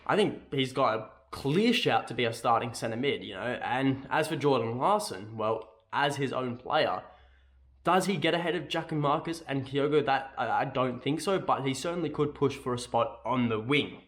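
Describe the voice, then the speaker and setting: A man's voice: mid-range voice, normal speed, a bit bright. A young Australian man giving his casual opinions in a football fan vlog, rambling and correcting himself as he goes. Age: young adult. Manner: rambling, self-correcting, keeps asking "right?".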